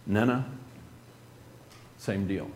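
A man telling a group an emotional personal story in an earnest, halting way, with restarts and some throat-clearing. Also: on the low side, darkish tone, roomy sound, a little hiss or hum.

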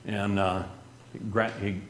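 A middle-aged man with a low voice tells a personal story in an earnest, halting way, letting his voice drop soft at grave moments. The recording is roomy and echoey, with a faint hiss of noise behind him. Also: level tone.

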